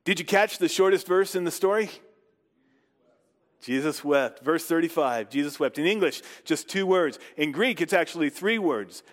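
Guy reading scripture then preaching, slightly high voice, long echo like a big hall. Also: fairly quick, hardly any pauses. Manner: reflective, asks rhetorical questions.

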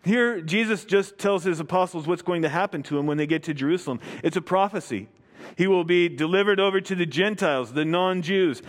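A man preaching a sermon, reading scripture and explaining it, emphatic and drawing out key words. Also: fairly high pitch. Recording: long hall reverb.

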